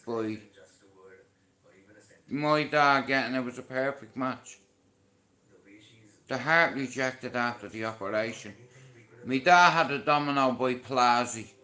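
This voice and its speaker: A middle-aged man with an Irish accent recounts his family's story at an unhurried pace. His voice has a bright, forceful edge. He speaks bluntly and from the heart, swearing as he goes. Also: medium pitch. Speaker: vlogger. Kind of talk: personal storytelling to camera.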